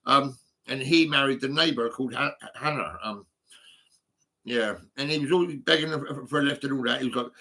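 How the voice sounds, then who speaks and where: A middle-aged man from Hampshire talks casually in a southern English accent, his voice bright and forward. He rambles, swears freely and stumbles through fillers and restarts. It sounds like a phone recording in a small room. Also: mid-range voice, normal speed. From England, Hampshire. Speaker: vlogger.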